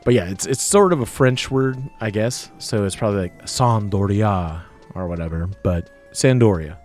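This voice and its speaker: Man, American accent, lowish voice, chatty, laughs a lot, faint music behind. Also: lively intonation, fairly quick. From United States. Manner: chatty, giggly and easily amused. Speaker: let's play host. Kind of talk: casual gameplay commentary.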